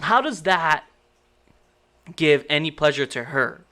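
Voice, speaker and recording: A man's voice: on the high side, expressive, slow, bright, forceful tone. A man giving a casual, exasperated movie critique, rambling and incredulous with many restarts. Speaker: movie reviewer.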